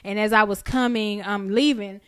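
A woman co-hosting a podcast, telling a story in casual chat, animated and profane, jumping high in pitch when she acts out her own reactions. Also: normal speed, clear, resonant tone. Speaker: podcast co-host.

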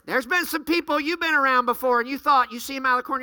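A man's voice: very high-pitched, rapid-fire, sharp tone, clean tone. A man preaching a sermon, fervent and full of rhetorical questions to the congregation.

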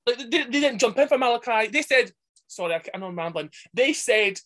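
A woman's voice: fairly high pitch, fast, a bit bright. A woman co-hosting a casual film-review chat, rambling and swearing as she acts out the characters. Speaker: podcast co-host.

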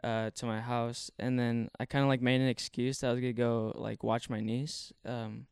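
Young guy rambling thru a story, slangy, tons of fillers, clean smooth voice. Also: medium pitch, little pitch movement, normal speed, no echo, clean studio sound. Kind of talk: casual chat.

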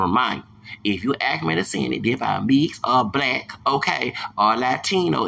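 A man with a heavily gravelly, fry-laden voice and a forceful, tense edge rants heatedly on his own podcast. He vents in circles, coming back to the same points. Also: medium pitch, slight background noise. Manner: heated, ranting, repeats himself. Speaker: podcast host. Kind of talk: angry monologue rant.

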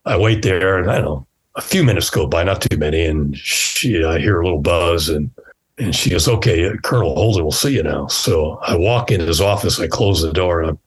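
A man's voice: low-pitched, brisk, husky. A man in his sixties, a former fighter pilot, telling stories casually in an interview and acting out the dialogue. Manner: animated storyteller who acts out quoted dialogue.

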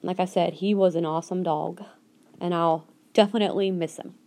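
A woman's voice: fairly low pitch, dark tone. A woman hosting a podcast, telling a personal story in a casual, earnest way and acting out the voices of people she quotes. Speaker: podcast host.

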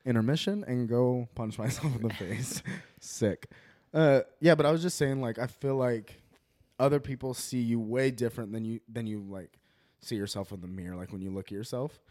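Young guy cohosting a chatty podcast, laughs a lot, lots of likes and ums, middle pitched voice. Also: moderate pace, darkish tone. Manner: joking, laughs often, trails off with fillers. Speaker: podcast co-host. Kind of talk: casual podcast banter.

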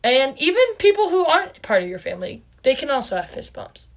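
A woman's voice: high-pitched, sing-song, fairly quick, fairly bright tone. A young woman from Wisconsin co-hosting a podcast, chatting casually with playful, teasing, giggly banter. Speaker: podcast co-host.

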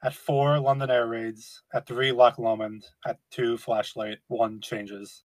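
Man, podcast co-host, casual agreeable chat, mid-pitched, dry recording. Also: level tone, slow pace, no room sound, low-quality recording.

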